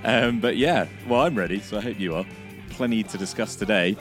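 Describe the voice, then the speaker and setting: A man co-hosting a casual cricket podcast outdoors, slightly hoarse from laryngitis, chatty and self-deprecating with many restarts. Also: on the low side, moderate pace, soft background music. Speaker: podcast co-host. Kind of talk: casual chat. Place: outdoors, sunny and breezy.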